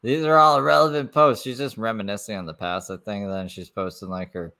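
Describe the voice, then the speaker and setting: A man hosting a live stream, talking in a rambling, offhand, low-key way as he comments on clips. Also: fairly even intonation, fairly quick, hardly any pauses, sharp tone. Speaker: livestream host.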